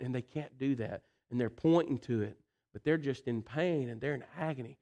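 The sermon comes from a man with a medium-pitched, fairly quick voice. Folksy and animated, he often tosses in "listen" and "you know" while swinging between loudness and quiet intensity.

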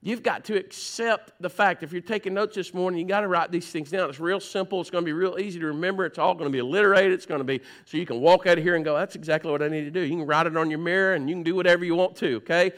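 A man's voice: high voice, very fast, few pauses. A man, preaching a sermon and acting out his own stories. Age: 40s. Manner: animated storytelling, acts out his own dialogue. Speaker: pastor.

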